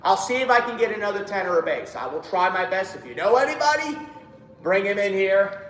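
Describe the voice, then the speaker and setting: A man's voice: high voice, very animated, brisk, a bit bright, roomy sound, long reverb tail, a little hiss or hum. A man directing a choir rehearsal, giving instructions and singing lines himself to show how they should go. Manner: demonstrates lines by singing, counts in.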